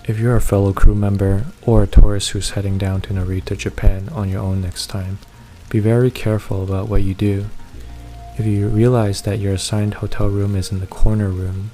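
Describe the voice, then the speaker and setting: Low-voiced guy narrating a scary story, steady measured read, quiet music underneath. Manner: steady, measured first-person reading. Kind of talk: scripted horror story narration.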